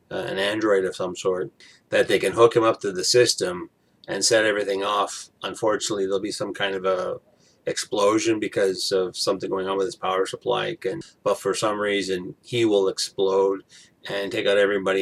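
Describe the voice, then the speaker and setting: A man's voice: low voice, gravelly. A man recapping a TV episode in a casual, rambling way, full of fillers. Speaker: TV episode reviewer.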